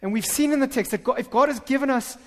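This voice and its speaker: A man preaching a sermon as pastor, animated and full of stammered restarts. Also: very high-pitched, quick pace. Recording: reverberant hall.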